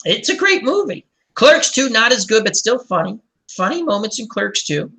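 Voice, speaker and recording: A man's voice: high-pitched, sing-song, moderate pace, vocal fry, bright, forceful tone. A man hosting a casual online group chat, talking enthusiastically and rambling with many restarts. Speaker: host of an online chat show.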